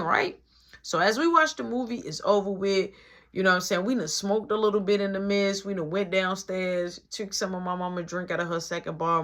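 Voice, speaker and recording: A woman telling a story in a casual storytime vlog, in a slangy, animated manner. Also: mid-range voice.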